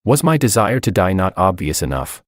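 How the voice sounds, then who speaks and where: A man narrating a first-person story in a lively, expressive reading. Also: low-pitched, moderate pace, no echo, studio quality.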